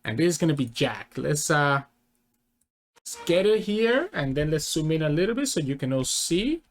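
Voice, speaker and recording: A man's voice: on the high side, sing-song, normal speed. A man hosting a casual reaction video, rambling and correcting himself mid-thought. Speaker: channel host.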